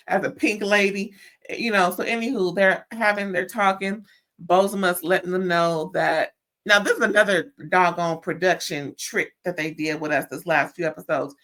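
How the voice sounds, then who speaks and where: Woman w/ aave gossiping thru a reality show recap, animated, lots of drawn out "girl" and "mm-mm". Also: fairly low pitch. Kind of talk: casual chat recap.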